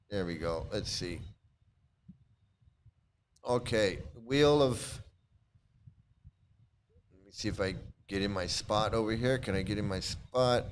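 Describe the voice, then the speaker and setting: A man hosting a casual commentary video, talking in an animated, mocking way that jumps into high exclamations. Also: slight background noise. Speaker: commentary host.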